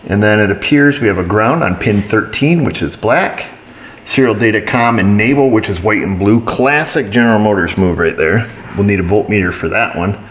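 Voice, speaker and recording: A man's voice: on the low side, moderate pace, slight background noise. A man working as an auto repair technician, narrating casually while he diagnoses a truck and tossing dry, joking asides to viewers. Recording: roomy shop echo.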